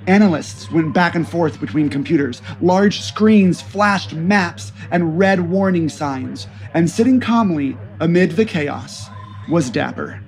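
Man narrating a spy story, creaky voice. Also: on the high side, unhurried, a little mellow. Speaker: podcast host.

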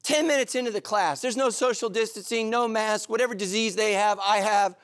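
Animated storytelling preacher, a man. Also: sits high, brisk, dry recording, clean studio sound. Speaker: pastor. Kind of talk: sermon.

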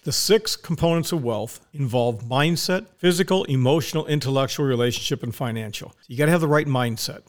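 A man's voice: medium pitch, fairly quick, hardly any pauses. A tired man hosting a podcast, talking in a blunt, ranting, profane monologue from a recording studio. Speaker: podcast host. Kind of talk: casual monologue.

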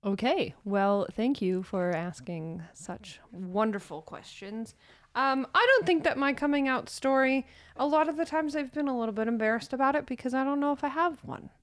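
A young woman co-hosting a podcast, chatting casually and playfully with quick laughs and lively asides. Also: high-pitched. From small town. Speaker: podcast co-host. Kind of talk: casual chat.

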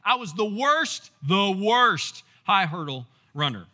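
A pastor with a drawl delivers a lively sermon, telling stories and tossing questions to the congregation. His voice sits high for a man and rings very bright and forceful. He keeps it animated with asides. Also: slow pace. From Texas.

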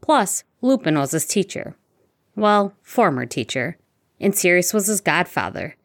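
A woman narrating a fan fiction audiobook in a steady storytelling manner. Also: on the low side, measured pace, no echo, studio quality.

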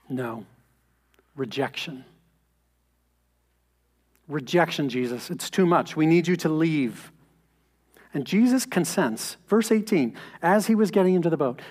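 A man's voice: on the high side, a little mellow. A pastor in his thirties preaching a sermon in an earnest, conversational way, rising for emphasis.

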